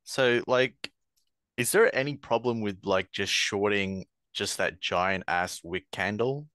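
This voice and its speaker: Unsure male caller, low but bright and forceful, dry mic. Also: slow pace, dry recording. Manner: rambling, unsure questions. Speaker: caller asking a trading question. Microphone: video call.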